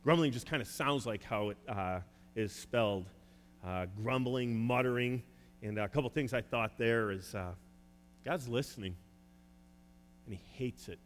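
A man preaching a sermon as a pastor, earnest and pausing often with "uh" as he urges listeners to repent. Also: medium pitch. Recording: echoey hall with faint hum.

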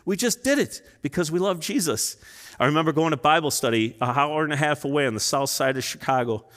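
Speaking fairly quickly in a slightly high, fairly bright voice, a fifties-aged pastor tells personal stories from the pulpit with earnest emotion. The sermon echoes with long reverb through the large church sanctuary.

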